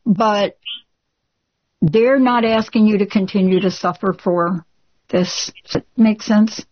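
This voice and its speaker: Woman, call-in show host; direct and emphatic, mid-pitched, a little dull on the recording. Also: fairly even intonation, takes it slowly.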